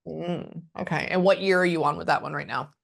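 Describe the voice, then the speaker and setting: A woman's voice: low voice, steady tone, creaky. A woman spiritual medium talks a client through a reading in a loose, chatty way. She stops herself mid-sentence, starts again and drops the odd curse. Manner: chatty, halting, trailing off and cursing. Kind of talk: casual reading session.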